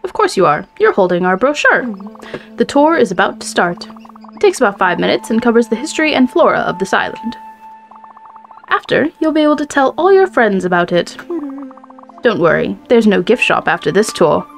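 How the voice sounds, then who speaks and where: A woman's voice: medium pitch, sing-song, moderate pace, gravelly. A woman voicing a chipper island tour guide in a put-on British accent, reading game dialogue aloud with cheery, salesy patter. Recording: faint game music behind.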